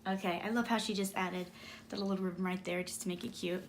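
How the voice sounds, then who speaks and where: A woman's voice: on the low side, steady tone, fast, a little hiss or hum. A woman vlogger chatting through a craft mail unboxing, gushing and squealing with delight. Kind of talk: excited unboxing vlog.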